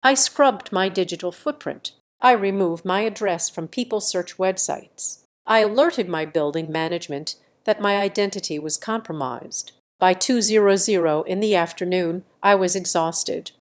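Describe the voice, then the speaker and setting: A young adult woman giving a scripted first-person story narration in measured, steady, clipped sentences. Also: fairly low pitch.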